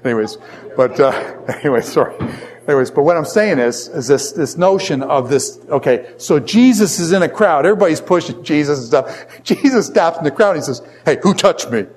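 A middle-aged man teaches a Bible class, his slightly high voice moving a little fast. The lecture is lively: he answers his own questions to the class and tells animated stories peppered with jokes and asides.

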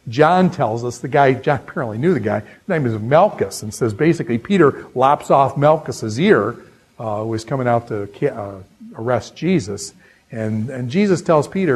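Male Bible teacher, slightly raspy, talks casually, then goes quiet and earnest. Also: medium pitch, animated, normal speed, poor audio. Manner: conversational storytelling, drops to hushed earnest tones. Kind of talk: informal Bible lecture. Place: New England.

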